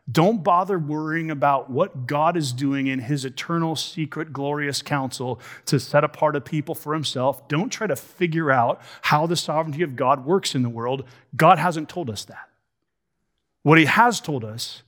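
A man delivers a sermon in an emphatic, questioning style, slowing down to lean on key words. His voice sits a touch higher than most men's. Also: a bit bright. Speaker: preacher.

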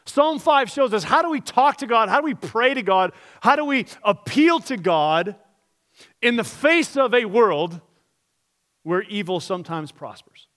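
A man's voice: high-pitched, lively intonation, a little slow, a bit bright. A man pastor preaching a sermon, earnest and direct, asking the congregation rhetorical questions and reading scripture aloud.

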